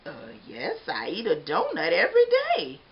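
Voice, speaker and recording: A woman's voice: on the low side, wildly swooping pitch, moderate pace, gravelly, slight background noise, exaggerated voice. A woman reading aloud, voicing a sheepish grown man who stammers and hesitates. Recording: dull lo-fi recording.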